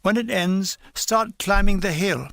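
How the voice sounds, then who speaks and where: A man's voice: high-pitched, measured pace, creaky, a bit bright, dry recording, clean studio sound, heavily acted. A man reading the lines of a tired older army gunner in a matter-of-fact, weary way.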